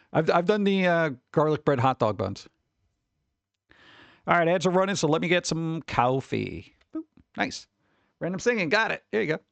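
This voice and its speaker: A man's voice: on the high side, creaky, no room sound. Chatty rambling male streamer, dry sound. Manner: rambling, swearing, chuckling. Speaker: streamer host. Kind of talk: casual chat.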